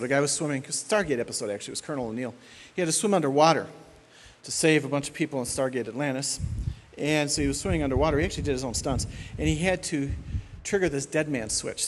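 Animated preaching man in a reverberant hall. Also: mid-range voice. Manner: animated preaching, acting out imagined voices. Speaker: pastor. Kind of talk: sermon.

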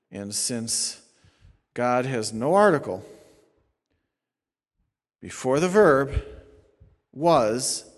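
A male pastor teaching a sermon, explaining Greek grammar point by point with emphatic stresses. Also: mid-range voice. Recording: long hall reverb.

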